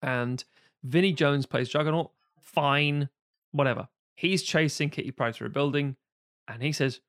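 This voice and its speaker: A man co-hosting a film podcast in casual chat, animated and given to sudden exaggerated quoted voices. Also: fairly high pitch, moderate pace. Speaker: podcast co-host.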